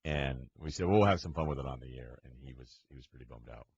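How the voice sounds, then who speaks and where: A man's voice: very deep voice, fast talker, a little mellow, breathy edge. A man co-hosting a sports radio show, telling stories in dry, casual banter. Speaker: co-host. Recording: slightly muffled with faint noise.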